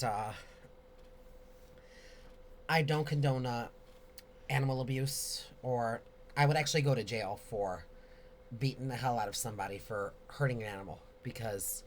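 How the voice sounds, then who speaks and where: A man hosting a casual live question-and-answer video, talking in a rambling, expressive, chatty way. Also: medium pitch, unhurried, pauses often, a little hiss or hum. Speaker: host answering viewer questions.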